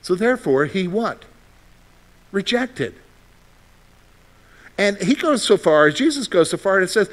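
High-voiced male preacher asking rhetorical questions. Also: sing-song, measured pace, pauses often. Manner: asks the congregation rhetorical questions, then answers them; swings between loud emphasis and quiet, confiding asides. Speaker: pastor. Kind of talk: sermon.

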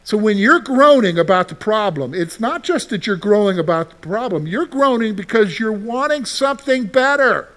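A male pastor preaching a sermon in a lively way, often putting rhetorical questions to the congregation. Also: high voice, normal speed, hardly any pauses.

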